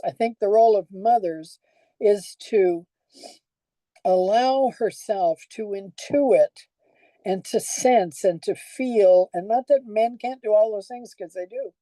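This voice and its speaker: Mellow-voiced older woman preaching a sermon. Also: mid-range voice, no echo, rough recording. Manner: conversational, storytelling, asks the congregation questions. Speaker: pastor.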